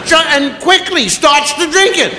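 A middle-aged man doing a stand-up routine, telling animated stories and acting out scolding parents. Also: extremely high pitch, unhurried. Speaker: stand-up comedian. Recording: echoey hall with audience and noise.

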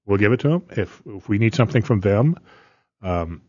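A man's voice: fairly low pitch, lively intonation, moderate pace, mellow, husky, no room sound, dull audio. An older man talking plainly on a radio show, rambling a little with fillers. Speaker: longtime radio news guest. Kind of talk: casual radio conversation.

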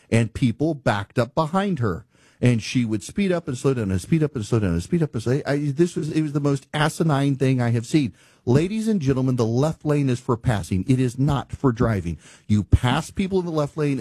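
A man with a husky, slightly breathy voice speaks in a middle pitch, rolling through an exasperated monologue. The sound is dry and close, with little room around it. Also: a little mellow, dry recording. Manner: ranting, incredulous, laughing at his own stories. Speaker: talk show host. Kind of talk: casual monologue.

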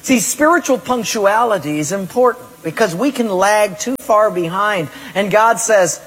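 A man's voice: high-pitched, lively intonation, normal speed, few pauses, a bit bright, husky. A male pastor preaching a sermon, questioning the congregation directly between stories. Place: church hall. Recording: echoey hall reverb.

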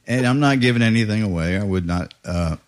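Lower-voiced man interviewing, joking. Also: a little fast. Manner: joking, conversational, hesitant restarts. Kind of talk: interview questions.

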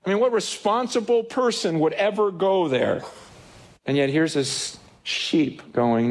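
A man's voice: high-pitched, unhurried. Earnest, conversational male preacher. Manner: conversational and earnest, with frequent repeated words. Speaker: pastor. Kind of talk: sermon. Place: in front of a congregation.

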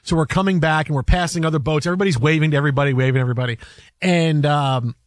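A man hosting sports talk radio, telling stories in an animated, rambling way with lots of fillers and restarts. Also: a little high, rapid-fire, no room sound, studio quality.

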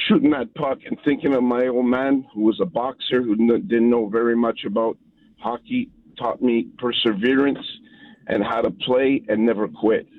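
Gravelly older caller on a tinny phone line. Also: male voice, medium pitch, no echo. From Montreal area, Canada. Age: 50s. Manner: heartfelt, rambling, quotes people in their voices. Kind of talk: phone-in storytelling.

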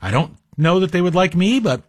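A man's voice: high voice, animated, brisk, dry recording, clean studio sound. A man guest hosting a talk radio show, chatting in a wry, self-deprecating way. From Greek heritage. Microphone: studio microphone.

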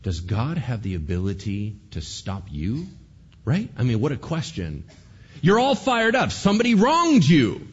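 A man's voice: mid-range voice, huge pitch swings, a little slow, husky, lo-fi sound. A man preaching a sermon in a conversational way, acting out quoted lines and asking the audience questions. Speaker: pastor.

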